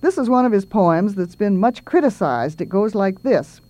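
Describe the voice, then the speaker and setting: A woman's voice: medium pitch, no echo, muffled recording. A middle-aged woman, a children's author, giving a talk and reading poems aloud with feeling. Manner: slow, expressive reading aloud.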